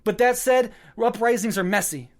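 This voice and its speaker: A man hosting a podcast launches into a heated political monologue, swearing freely and building his points through rapid, repeated clauses. He sounds raw and worn out from lack of sleep, his emotions barely held in check. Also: high-pitched. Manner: fiery, swearing, emphatic, speaking in repeated short clauses. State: emotionally worked up and short on sleep. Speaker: podcast host.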